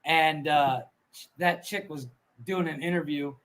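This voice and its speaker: A man's voice: fairly high pitch, fairly even intonation, a little slow, background noise. A man co-hosting a comedy podcast, chatting bluntly and crudely, often stammering as he restarts. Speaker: podcast co-host. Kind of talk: casual comedy chat.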